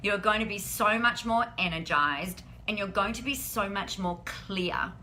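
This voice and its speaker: A woman's voice: medium pitch, unhurried, sharp tone, soft background music. A woman hosting a live stream, chatting in an upbeat, encouraging way and often saying "like". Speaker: host of a weekly live business show. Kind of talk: casual live-stream chat.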